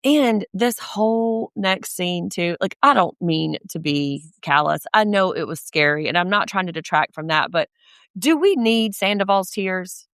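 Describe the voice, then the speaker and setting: A woman's voice: lowish voice, animated, measured pace, a bit bright, clean tone, no room sound, clean studio sound. A woman co-hosting a podcast, ranting casually and with profanity as she recaps a reality show. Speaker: podcast co-host.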